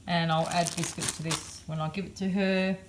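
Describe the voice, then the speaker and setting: An Australian woman in her thirties casually narrates a daily vlog in her home kitchen, rambling and chatty, with many fillers. Her voice is fairly low with little pitch movement and a moderate pace, and background noise is audible.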